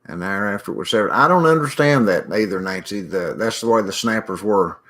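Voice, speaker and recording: A middle-aged man with a lowish voice hosts a relaxed livestream. He talks in a folksy, rambling way, greeting viewers by name and chatting about whatever comes up in the comments. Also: brisk. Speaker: livestream host reading viewer chat. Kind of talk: casual chat.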